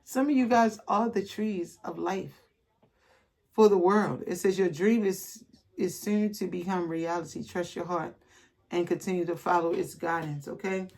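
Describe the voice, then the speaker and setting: A woman's voice: lowish voice, steady tone, unhurried, vocal fry, darkish tone. A woman reading tarot cards to her viewers in a loose, casual way, blunt and chatty, swearing freely and reading card messages aloud. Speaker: tarot reader.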